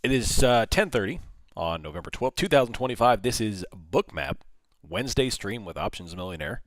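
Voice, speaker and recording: Low-voiced man streaming market commentary. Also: normal speed, dry recording, studio quality. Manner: animated, folksy, addresses viewers directly. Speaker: options trader hosting a livestream.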